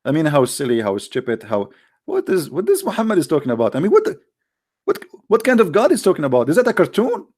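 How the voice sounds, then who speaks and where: A man with a fairly high voice delivers a solo commentary, mocking and emphatic by turns. His English carries non-native grammar, and he leans hard on sarcasm. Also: huge pitch swings, fast talker, darkish tone, breathy edge. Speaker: online debater.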